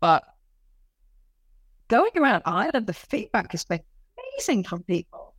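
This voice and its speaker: A woman in her late fifties with a London accent, chatting as an interview guest in an animated, self-mocking way with many restarts. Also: mid-range voice, normal speed, breathy edge, no room sound, clean studio sound. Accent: London English. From London, England. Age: late 50s. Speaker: guest author and performer. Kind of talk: casual interview chat.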